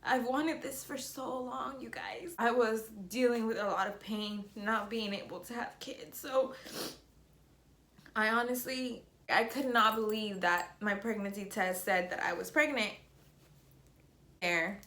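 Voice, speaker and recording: Young woman vlogger, bright voice, chatty and breathless, emotional. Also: fairly high pitch, a little slow, roomy sound. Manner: chatty, tearful and excited, many fillers. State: slightly out of breath. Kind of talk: emotional personal vlog.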